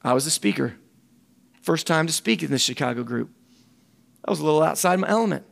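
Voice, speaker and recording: Earnest preacher guy telling a story, kinda high voice with lots of gravel, repeats himself. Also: brisk. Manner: animated and earnest, repeats words. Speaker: ministry director and speaker. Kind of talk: storytelling sermon talk.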